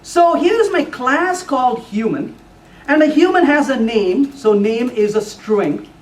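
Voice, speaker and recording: A man giving a technical talk with live coding to a user group, animated and playful, now and then putting on a mock voice for the compiler. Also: very high-pitched, unhurried. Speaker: conference speaker. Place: lecture room at a user group meeting. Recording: echoey room, voice from far off.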